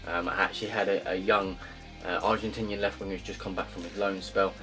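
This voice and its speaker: A young man giving casual, rambling commentary on his football game career, full of ums and uhs, with loud upbeat greetings. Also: low voice, little pitch movement, quick pace. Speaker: gaming YouTuber. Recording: faint guitar music behind.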